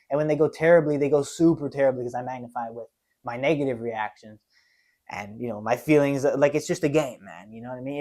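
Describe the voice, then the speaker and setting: A twenty-year-old podcast host with a slightly high, darkish voice delivers a solo confessional monologue. He speaks earnestly and self-reflectively, often ending his thoughts with "right?"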